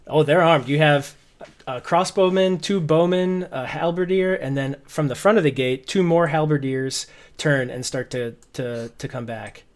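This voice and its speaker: Animated man running a tabletop game. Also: on the high side, moderate pace. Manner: animated, repeats words as he narrates. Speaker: game master. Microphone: video call.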